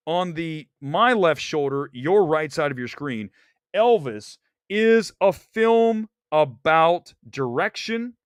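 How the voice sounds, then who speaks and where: A man hosting a live-streamed movie talk show, ranting in an animated, rambling way about awards-night results. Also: on the high side, no echo, clean studio sound. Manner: animated, rambling, emphatic rants. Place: Los Angeles area.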